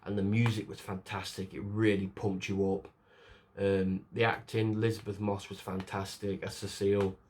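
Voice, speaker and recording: Guy rambling through a movie plot, lowish voice, lots of ums and restarts. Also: little pitch movement, normal speed, darkish tone, a little hiss or hum. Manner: rambling, lots of fillers and restarts, acts out quotes. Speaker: film reviewer. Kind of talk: casual spoken film review.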